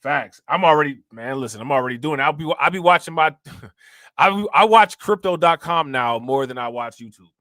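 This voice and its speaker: Bright-voiced laid-back man hosting a livestream. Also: on the high side, expressive, normal speed, dry recording, clean studio sound. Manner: laid-back slangy talk with frequent laughs. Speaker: crypto channel host. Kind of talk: casual livestream chat reading viewer comments.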